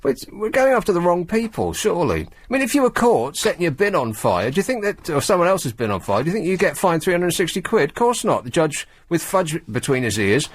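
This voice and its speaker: A man's voice: fairly high pitch, very animated, fairly quick, hardly any pauses, husky. A man hosting a talk radio show, riffing sardonically on news stories with mocking asides. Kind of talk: late-night radio monologue. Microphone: studio microphone.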